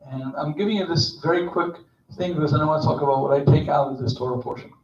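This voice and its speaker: A man's voice: fairly high pitch, fast. Man giving a chatty sermon from far off. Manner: conversational, digressive, joking asides. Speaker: speaker at Shabbat service. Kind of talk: informal sermon. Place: temple sanctuary. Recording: distant, echoey, dull.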